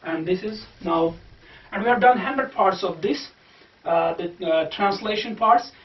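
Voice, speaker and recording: A man teaching how to pronounce verse, spelling words out slowly sound by sound and repeating them. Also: high-pitched. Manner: slow, repetitive sound-by-sound spelling out. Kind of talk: explaining Persian verse pronunciation. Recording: distant, echoey, dull room recording.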